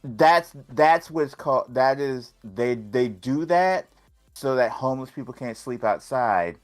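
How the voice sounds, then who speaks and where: A man's voice: mid-range voice, expressive, measured pace, soft background music. A man co-hosting a casual podcast, rambling with many restarts and "like" fillers. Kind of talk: casual tech podcast chat.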